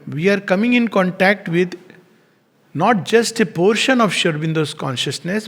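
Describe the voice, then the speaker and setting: A fairly high-pitched man gives a calm, reflective lecture. He speaks gently and deliberately, leaning on key words. His voice rings with a long reverb, as in a large hall. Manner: gentle, unhurried explaining, slows and stresses words. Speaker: spiritual teacher giving a talk.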